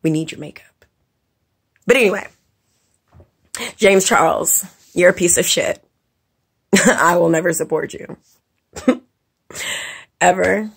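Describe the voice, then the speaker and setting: A woman's voice: lowish voice, fairly even intonation, unhurried, creaky, long pauses, slightly rough. A woman ranting to camera as a vlogger, blunt and profane, scolding and repeating words for emphasis. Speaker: vlogger and makeup teacher. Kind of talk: angry casual rant to camera.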